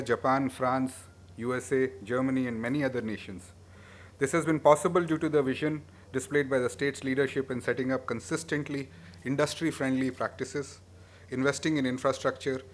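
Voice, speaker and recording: Male speaker, formal conference address, measured delivery, average pitch. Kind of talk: formal prepared speech.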